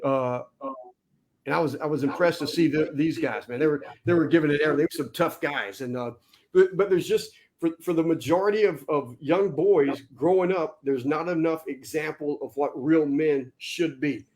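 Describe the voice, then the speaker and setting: A man's voice: on the high side, normal speed, a little mellow. Blunt, preachy man giving motivational talk.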